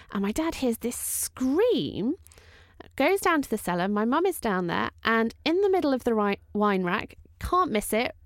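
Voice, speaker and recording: Lively woman telling a story. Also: fairly high pitch, no echo, studio quality. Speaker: podcast co-host. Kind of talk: casual chat, storytelling.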